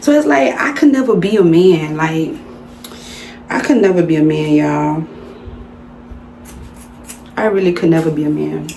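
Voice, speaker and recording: Low-pitched and unhurried, a young Southern woman pauses often as she chats casually in her vlog, calling viewers y'all. The audio has a roomy home feel with faint background noise.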